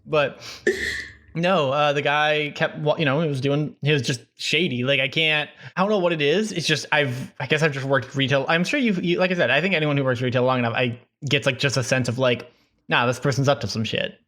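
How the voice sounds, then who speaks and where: A young man co-hosting a podcast, telling retail stories in an animated, casual way, laughing often and swearing freely. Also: on the high side, brisk. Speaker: podcast co-host. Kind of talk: casual chat.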